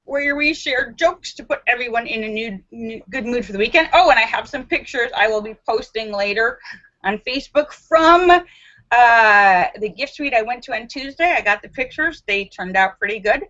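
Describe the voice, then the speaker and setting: A woman hosting a casual live stream and reading out viewer jokes in a giggly, animated way. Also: fairly high pitch, normal speed, dull audio. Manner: giggly and animated, breaks into laughter.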